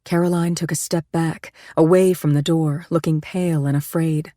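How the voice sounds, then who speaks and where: A woman narrating an audiobook in a steady, measured storytelling voice, pitched a little low. The recording is close and dry, with no room sound. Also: dry recording. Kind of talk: scripted narration.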